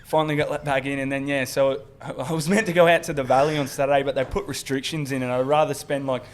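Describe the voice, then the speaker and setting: A man's voice: mid-range voice, flat delivery, fast, a little hiss or hum. An Australian man, a comedian guest, telling crude stories in a pub and laughing often. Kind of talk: crude storytelling chat.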